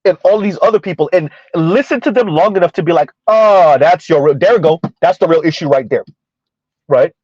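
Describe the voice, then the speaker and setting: A man's voice: fairly high pitch, animated, a little fast, a little mellow, no echo, dull audio. A man giving casual, rambling live-stream commentary, often checking in with "right?" and "like". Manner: rambling, conversational, frequent "right?" and "like". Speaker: commentary streamer reading chat.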